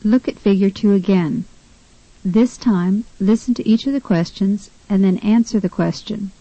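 A woman narrating a scripted language lesson, giving clear, measured instructions. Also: medium pitch, mellow, no echo, dull audio.

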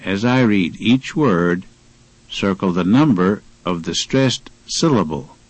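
A man reads out a language-lab pronunciation lesson, stretching each word with careful, deliberate enunciation. His voice sits fairly low but swings through a wide, lively pitch range. The recording is dry and close. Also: no room sound, poor audio. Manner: slow, deliberate enunciation for repetition drills. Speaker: language course narrator. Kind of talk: scripted language-lab instruction.

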